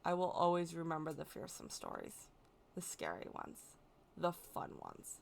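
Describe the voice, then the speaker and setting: A woman's voice: low-pitched, very animated, normal speed, vocal fry. An American woman explaining folklore in a casual, chatty way, correcting herself as she goes and adding playful asides. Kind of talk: casual educational talk.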